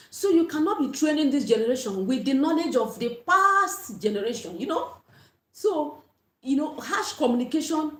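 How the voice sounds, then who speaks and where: Woman parenting coach, livestream teacher, slightly high voice, earnest, echoey room sound. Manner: earnest, repeats key points, blesses viewers.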